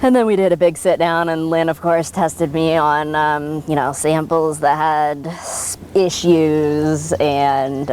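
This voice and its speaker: A woman with a notably low voice recounts her story in a relaxed oral history interview. She talks animatedly, laughs often and leans on fillers. A faint hiss of noise sits under her voice. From Oregon. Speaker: winery worker being interviewed.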